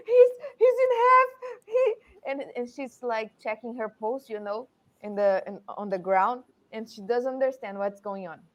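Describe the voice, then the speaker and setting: A woman whose first language is Portuguese, playing a tabletop game in English, talking haltingly as she searches for words. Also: fairly high pitch. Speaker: player. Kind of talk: casual game talk.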